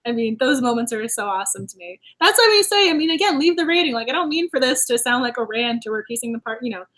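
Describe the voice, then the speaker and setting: A woman with a high, bright-pitched voice hosts a relaxed book club chat. She is animated, laughs easily and trips over her words as she restarts. It sounds like a casual home video recording. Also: quick pace.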